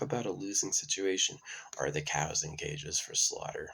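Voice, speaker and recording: A man with a deep, gravelly voice who drifts from thought to thought, full of ums and half-started sentences. His tone is husky and rough at the edges. He sounds like someone thinking out loud on his own channel. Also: normal speed. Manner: meandering, many fillers and restarts. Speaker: channel host. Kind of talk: casual rambling monologue.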